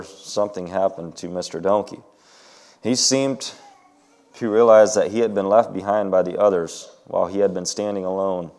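A man's voice: low-pitched, darkish tone. A man reading a story aloud to a group, then talking informally and hesitantly about Bible stories, with many ums and restarts.

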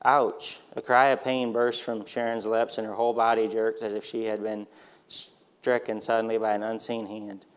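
A man reading a storybook aloud in a steady, gentle manner. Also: on the low side, normal speed, clear, resonant tone.

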